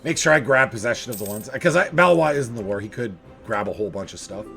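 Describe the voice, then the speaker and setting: A man's voice: fairly low pitch, animated, fast, creaky, music in the background. A man hosting a strategy game video, casually thinking aloud, chuckling and talking to himself as he plays. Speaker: gaming video host.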